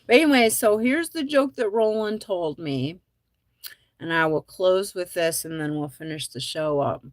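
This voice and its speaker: A woman's voice: on the low side, expressive, normal speed, no echo, clean studio sound. A woman comedian hosting a show, chatting casually and rambling, often laughing at her own jokes. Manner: rambling with many likes and ums. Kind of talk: casual chat to viewers.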